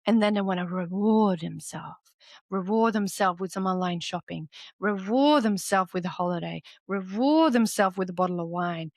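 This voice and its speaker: Lady doing her own podcast, animated and candid, cusses freely, mid voice, dry. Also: medium pitch, moderate pace, dry recording. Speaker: podcast host. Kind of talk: solo motivational podcast talk.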